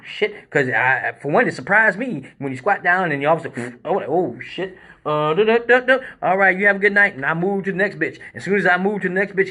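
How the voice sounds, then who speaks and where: A man hosting a live stream, telling crude funny stories from his dancing work in a profane, animated way. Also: on the high side, husky. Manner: profane, animated storyteller who acts out the other people in his stories. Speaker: live show host and male exotic dancer. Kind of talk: casual storytelling on a live stream.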